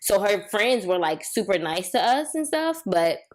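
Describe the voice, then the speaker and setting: A woman's voice: medium pitch, sing-song, moderate pace. A woman co-hosting a podcast in casual chat, blunt and slangy, swearing freely. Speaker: podcast co-host.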